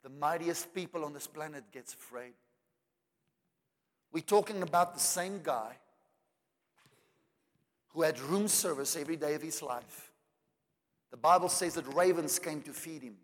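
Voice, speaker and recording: A man preaching a sermon, swinging between loud climaxes and quiet asides. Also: on the high side, measured pace, long pauses. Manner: dramatic preaching with rising shouts and soft drops. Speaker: pastor. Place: church hall. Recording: long hall reverb.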